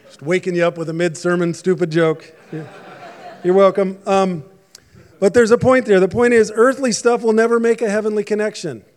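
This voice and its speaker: Chatty, joking pastor with a raised voice. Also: male voice, sits high, steady tone, moderate pace. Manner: conversational, jokey, with asides. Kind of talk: sermon.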